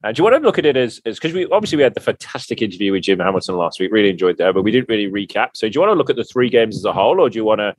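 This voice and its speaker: An English man hosting a sports podcast, talking fast in a low voice. His delivery is teasing and loose, full of filler words, and the sound is close and dry. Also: big pitch swings, no echo. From England. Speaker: podcast host. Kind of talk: casual banter about rugby.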